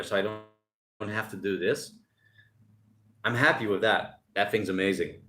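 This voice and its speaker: A man's voice: lowish voice, fairly even intonation, normal speed, long pauses, sharp tone. A man hosting a casual live stream outdoors by the ocean, reading out chat messages and chatting loosely with lots of jokes. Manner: loose, rambling and jokey, often laughing.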